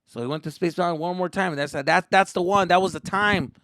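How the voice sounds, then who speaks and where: A male comedian hosting a podcast, telling a comic story in an animated, profane way and acting out quotes. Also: high voice, brisk, no echo, clean studio sound.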